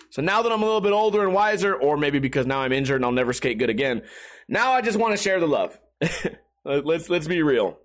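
A man with a high, light voice tells a loose, comic story on his podcast. He swears constantly and mocks himself as he rambles. He sounds a little tipsy. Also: fairly bright tone. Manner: profane, rambling, self-mocking. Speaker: podcast host. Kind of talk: casual comedic storytelling.

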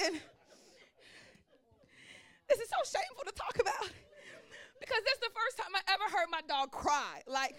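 A woman pastor preaching a sermon, telling a personal story in an animated way and calling out for response. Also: extremely high pitch, normal speed, long pauses.

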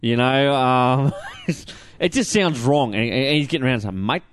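A man's voice: medium pitch, expressive, moderate pace, clear, resonant tone. A man with an Australian accent talking through a comic review in casual chat, blunt and rambling, swearing freely and filling gaps with ums. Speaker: comic book podcast host.

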